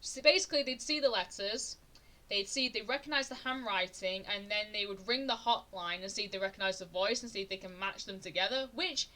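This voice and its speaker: A woman's voice: mid-range voice, a little fast, bright, forceful tone. A young adult woman streamer telling a true-crime story in a casual, chatty way, often indignant and restarting her sentences. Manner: chatty, indignant, with frequent restarts and rising emphasis.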